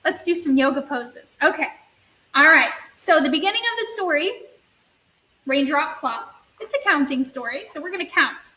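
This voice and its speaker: Reading a counting story for a children's story yoga class, a woman uses a sing-song, encouraging delivery and playful sound effects. Her voice sits high with lively intonation, fairly quick, pushed and bright. The room is echoey, the mic distant, with a faint hiss.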